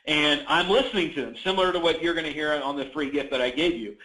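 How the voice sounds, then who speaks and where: Energetic male real estate coach, echoey room. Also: a little high, fast talker. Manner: energetic, enthusiastic, many fillers. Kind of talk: coaching webinar.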